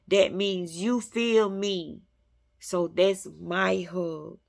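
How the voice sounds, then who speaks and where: A woman's voice: fairly low pitch, takes it slowly, vocal fry, a little mellow. A woman talking heartfelt and intimately to her viewers about faith and spirit, earnest and emotional. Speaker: spiritual vlogger.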